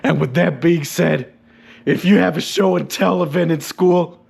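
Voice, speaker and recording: Gravelly man telling a dramatic story. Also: on the high side, steady tone, a little slow. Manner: dramatic, exaggerated, bursts into shouting. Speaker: storyteller and channel host. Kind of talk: comedic storytime monologue.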